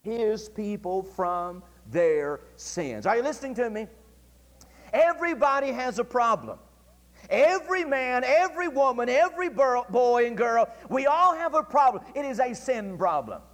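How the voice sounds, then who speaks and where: A man with a very high voice preaches from the pulpit, his words trailing off into a long church echo. He slows and stretches the phrases he wants to land. It sounds like an archived church recording. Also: animated, a bit bright. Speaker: pastor. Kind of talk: sermon. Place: church sanctuary.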